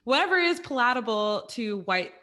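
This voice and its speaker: A woman's voice: fairly high pitch, big pitch swings, moderate pace, bright, forceful tone. A woman hosting a casual podcast interview, asking thoughtful questions and sometimes searching for words. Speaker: podcast host.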